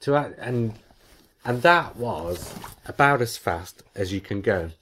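Low-voiced man reading listener emails. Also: lively intonation, slow, a bit bright, slight background noise. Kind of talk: casual chat.

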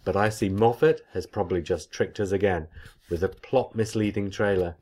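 A man's voice: low-pitched, moderate pace, darkish tone. A man hosting a casual podcast chat, reading out listener messages with his own chatty asides. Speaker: podcast host.

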